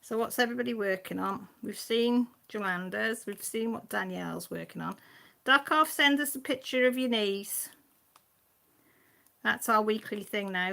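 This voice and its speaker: Gravelly-voiced woman chatting. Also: mid-range voice, a bit bright. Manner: chatty, reads out and answers viewer comments. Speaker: channel host. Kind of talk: casual live-stream chat with viewers. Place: at home with her pets.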